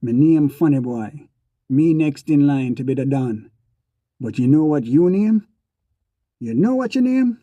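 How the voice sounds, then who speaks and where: A man's voice: on the high side, animated, a little slow, long pauses, dry recording, narrow, tinny audio. A man reading aloud and voicing a menacing gang enforcer, taunting and threatening.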